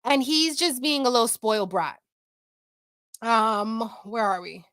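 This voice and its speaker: Woman host, chatty and profane, crisp and bright, fairly high voice. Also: lively intonation, unhurried, no room sound, clean studio sound. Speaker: commentary host. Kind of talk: casual commentary reading allegations.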